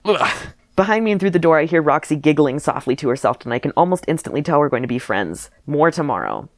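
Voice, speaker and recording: A woman's voice: low voice, animated, fast talker, dry recording. A woman reading her childhood story aloud and mocking it with wry asides and laughter. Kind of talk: comedic reading of old diary with commentary.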